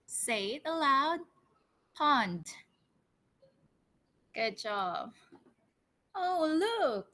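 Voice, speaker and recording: Slow, bright-voiced woman teacher. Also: fairly high pitch. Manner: slow, deliberate prompting with repeated words. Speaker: English teacher. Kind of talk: vocabulary lesson and storytelling for children.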